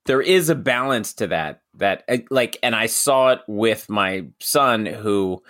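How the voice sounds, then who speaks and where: A man's voice: fairly low pitch, lively intonation, unhurried, fairly bright tone, dry recording, studio quality. A middle-aged man co-hosting a comedy podcast, chatting loosely and rambling, laughing easily. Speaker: podcast co-host. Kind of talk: casual comedic chat.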